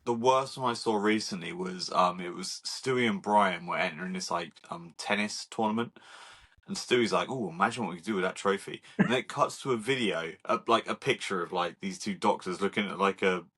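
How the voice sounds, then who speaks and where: Low-voiced man rambling through a story. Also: moderate pace, fairly bright tone. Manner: rambling retelling with many fillers. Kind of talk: casual chat.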